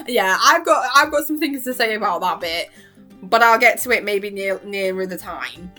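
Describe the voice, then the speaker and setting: A woman's voice: medium pitch, a little slow, bright, forceful tone, soft background music. Gushing, giggly young woman. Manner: gushing, giggly, lots of fillers and quoted reactions. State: voice worn, partly lost. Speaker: vlogger reviewing a TV series. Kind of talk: excited casual ramble.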